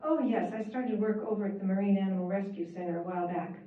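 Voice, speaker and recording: A woman's voice: medium pitch, fast talker, natural voice. A woman reading aloud and voicing a friendly, eager young American woman who rescues seals, recorded with heavy echo over a thin, phone-like line. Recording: echoey, distant, phone-like and hissy.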